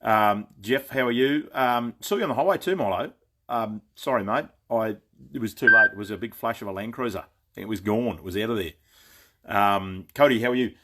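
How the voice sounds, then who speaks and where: A man's voice: fairly low pitch, moderate pace, pushed and bright. An Australian man hosting a casual live stream from his gun shop, rambling and greeting viewers by name, tired after a long day. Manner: laid-back, rambling, greets viewers by name with lots of fillers. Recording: noisy background.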